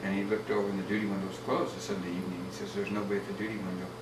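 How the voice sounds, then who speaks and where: Older man with a lowish voice, dry telling. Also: little pitch movement, very fast, recorded from a distance. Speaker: party guest telling a story. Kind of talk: casual anecdote at a family party. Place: home birthday party, indoors. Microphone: camcorder across the room. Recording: noisy roomy home video from afar.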